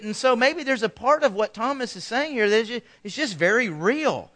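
A male pastor giving an animated, conversational sermon to a large church crowd, often acting out the people he quotes. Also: extremely high pitch, moderate pace, few pauses. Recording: long hall reverb.

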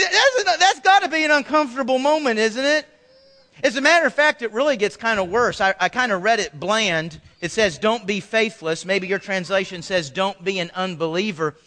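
Bright high-voiced male pastor in a hall. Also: moderate pace. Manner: animated, acts out quoted voices, conversational. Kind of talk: sermon. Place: large church hall. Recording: long hall reverb.

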